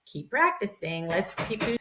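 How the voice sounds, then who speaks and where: A woman's voice: mid-range voice, sing-song, moderate pace, a bit bright, far from the mic, a little hiss or hum. A woman teaching phonics to young children, stretching out sounds and heaping on praise in a sing-song way. She sounds set back from the microphone, and her voice bounces around an echoey room. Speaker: reading teacher. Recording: roomy echo, speaker away from the mic.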